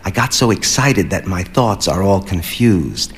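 A man reading the lines of a timid, distraught woman who turns threatening, in a soft, hushed voice. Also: low-pitched, lively intonation, measured pace, voice pushed down. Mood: menacing. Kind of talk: audiobook character reading.

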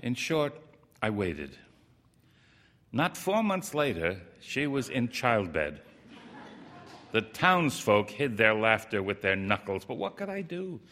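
A man's voice: fairly low pitch, sing-song, slow pace, long pauses, bright, forceful tone. A man reading a first-person story aloud in a plain, wry, rueful storytelling manner.

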